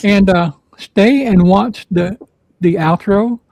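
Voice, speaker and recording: A man hosting a casual live podcast, his voice pitched on the high side with a gravelly fry running through it. He rambles through announcements with plenty of "uh" and "you know." The sound is dry and close. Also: takes it slowly, darkish tone, no echo, low-quality recording. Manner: rambling, filler-heavy announcements. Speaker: podcast host.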